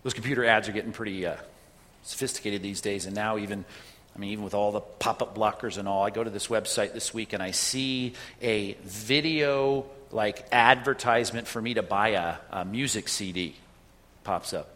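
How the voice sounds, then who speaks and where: A man's voice: lowish voice, moderate pace, a bit bright, big-room sound. A man preaching a sermon in a conversational way, often checking in with "right?" as he tells a story and makes his point. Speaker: pastor.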